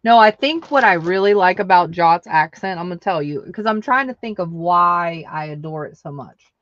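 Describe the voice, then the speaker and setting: A woman's voice: fairly low pitch, expressive, normal speed, a bit bright, no echo, lo-fi sound. A woman hosting a live online craft sale, chatting casually and answering viewer comments aloud. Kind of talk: casual live-selling chat.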